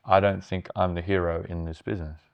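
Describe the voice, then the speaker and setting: A man, a startup founder, telling animated stories in casual conversation, swearing and mimicking others' voices. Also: low voice, a little fast, gravelly, highs cut off. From Australia.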